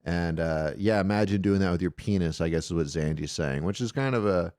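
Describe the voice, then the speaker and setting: A man's voice: sits low, brisk, darkish tone, dry recording, studio quality. A man hosting an irreverent call-in live stream, talking casually and rambling loosely, with swearing. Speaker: call-in show host.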